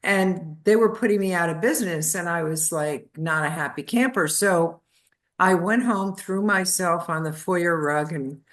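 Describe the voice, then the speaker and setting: A woman in her seventies, a podcast guest, telling a childhood story in a lively, anecdotal way. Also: on the low side, measured pace. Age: 70s. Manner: lively anecdotal storyteller, acts out voices of family.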